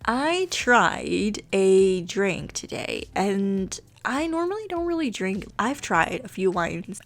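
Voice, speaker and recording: A woman in her late twenties chatting casually and laughing at herself while she plays a game. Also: mid-range voice. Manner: chatty and self-mocking, laughs often, swears casually. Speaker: Sims gaming YouTuber. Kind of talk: casual chat over gameplay.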